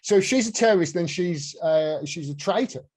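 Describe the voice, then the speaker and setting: A man's voice: fairly high pitch, moderate pace, darkish tone, slightly rough. Heated, indignant man hosting a chat. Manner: heated, indignant, swears freely. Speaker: podcast host. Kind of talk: casual political chat.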